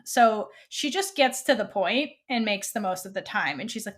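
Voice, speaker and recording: Woman podcast host recapping an episode, kinda high voice, chatty, lots of likes. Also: normal speed, few pauses. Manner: animated retelling, quoting characters with many likes.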